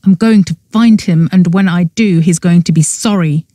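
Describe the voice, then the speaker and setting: A woman's voice: on the low side, normal speed, mellow, no echo, clean studio sound, lightly acted. A woman reading the lines of a miserable, angry young man in an audiobook, sullen and bitter. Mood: fierce.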